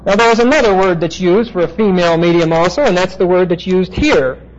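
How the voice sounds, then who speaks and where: A man with a high voice gives a Bible lecture, working through terms at the board. He explains patiently and stops often on "uh" fillers. The recording is dull and lo-fi. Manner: explanatory, halting with frequent "uh" fillers. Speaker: Bible teacher.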